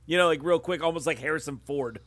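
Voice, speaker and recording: Man, slightly raised pitch, casual commentary, conversational. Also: fast, a bit bright. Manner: chatty, asks "you know what I mean". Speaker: podcast co-host. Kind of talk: movie commentary chat.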